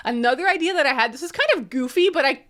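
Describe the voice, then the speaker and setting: A woman co-hosting a book podcast, chatting casually. Her voice sits a little high, and she livens up to play out small quoted exchanges with friends. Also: lively intonation, fast talker, a bit bright. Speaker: podcast co-host. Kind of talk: casual chat.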